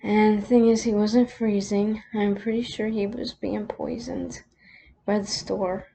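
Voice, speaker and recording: Woman, close to tears, halting, mellow tone, slow delivery. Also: mid-range voice, flat delivery, gravelly, a little hiss or hum. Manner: tearful, halting, with many pauses and restarts. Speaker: vlogger. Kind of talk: emotional personal storytelling.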